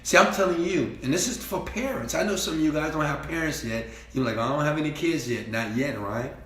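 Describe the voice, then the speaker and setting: A man giving a preachy motivational speech, repeating himself and swinging between quiet talk and shouting. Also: a little high, expressive, fairly quick, echoey room. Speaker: motivational speaker.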